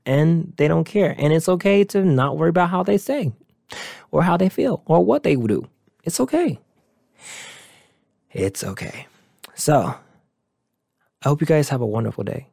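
A man's voice: mid-range voice, creaky, darkish tone, no room sound, clean studio sound. A man hosting a motivational podcast, talking earnestly and encouragingly in a loose, rambling way. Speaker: podcast host.

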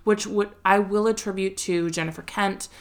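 A woman's voice: mid-range voice, steady tone, normal speed. A young American woman co-hosting a casual film discussion, chatty and full of "like" fillers, laughing often. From United States. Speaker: podcast co-host.

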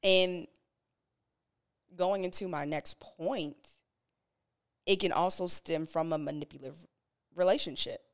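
A woman talks frankly through a personal story on a podcast, her voice smooth and clean. She sits a little low in pitch and keeps an earnest, straightforward tone. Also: measured pace, long pauses. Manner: earnest, direct, conversational. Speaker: podcast co-host.

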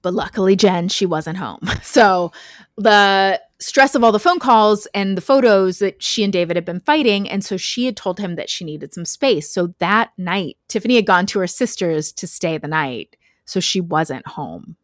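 A woman's voice: medium pitch, expressive, moderate pace, dry recording, studio quality. A woman hosting a podcast, casually telling a true crime story with frequent fillers and laughs. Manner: chatty, laughs often, lots of "like" fillers.

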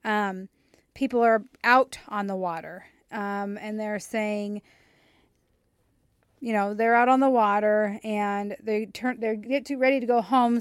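A woman co-hosting a podcast, telling a story in a relaxed chat with lots of ums and likes. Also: mid-range voice, smooth, no room sound, clean studio sound. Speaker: podcast co-host. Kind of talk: casual chat.

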